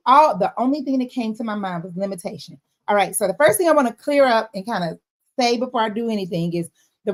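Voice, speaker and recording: A woman giving a casual faith-based motivational talk, expressive and often checking in with her listeners. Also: a little high. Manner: expressive, frequent "all right?" check-ins.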